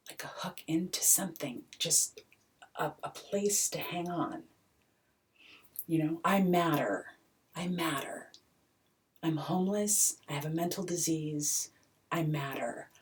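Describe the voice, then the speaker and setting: A woman in a rambling personal monologue, swinging between hushed whispers and loud outbursts, swearing and repeating herself. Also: sits low, slow pace, long pauses, distant mic. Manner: swears freely.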